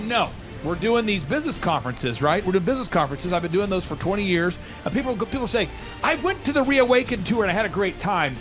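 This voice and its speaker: A man hosting a business podcast, talking in animated, jokey, rambling banter with frequent restarts. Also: high-pitched. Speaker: host.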